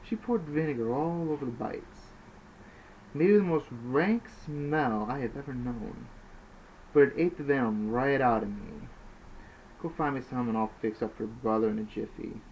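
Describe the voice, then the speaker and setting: A man doing a gruff, tough-talking priest. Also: medium pitch, moderate pace, darkish tone, lightly acted. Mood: folksy. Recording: dull lo-fi with faint hiss.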